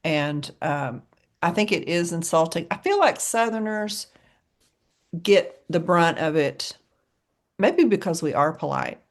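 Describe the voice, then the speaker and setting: Southern US woman, podcast co-host, lowish voice, chatty storyteller who laughs often. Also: animated, unhurried. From American South. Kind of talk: casual chat.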